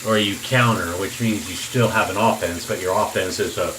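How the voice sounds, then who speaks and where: A man with a fairly low voice gives his blunt opinions in a loose, rambling monologue. He restarts his sentences often and keeps a casual tone, with faint background noise behind him. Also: normal speed. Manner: opinionated, rambling, self-interrupting. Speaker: shaving channel host.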